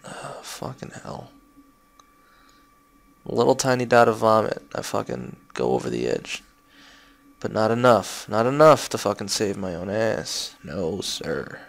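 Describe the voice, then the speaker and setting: A man's voice: lowish voice, big pitch swings, a little slow, vocal fry. A young man commenting on his own gameplay, cursing at his mistakes and making sarcastic asides. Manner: swearing, frustrated outbursts and sarcastic asides. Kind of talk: let's play commentary.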